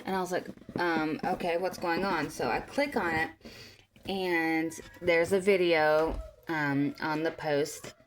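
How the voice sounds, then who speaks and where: A woman's voice: sits low, fairly even intonation, slow pace. A young woman, a mother, talking casually to her viewers in a rambling storytime vlog, full of fillers and restarts. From Tennessee, US. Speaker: vlogger, mother.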